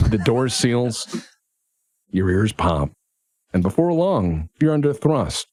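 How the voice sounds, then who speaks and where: A man narrating as game master of a tabletop role-play game, animated and quick to laugh. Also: mid-range voice, dry recording, clean studio sound.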